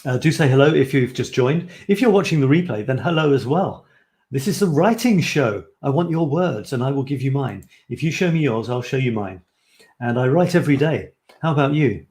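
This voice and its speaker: A middle-aged man with a medium-pitched, darkish voice hosts a live writing show. He chats casually and reads his own short pieces aloud, adding playful, self-mocking asides.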